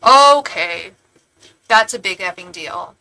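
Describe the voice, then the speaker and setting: Young woman doing live tarot, bright voice, rambly, restarts all the time. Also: medium pitch, lively intonation, slow, creaky, low-quality recording. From California. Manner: chatty, rambling, frequent restarts. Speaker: tarot reader. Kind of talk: live-stream reading chat.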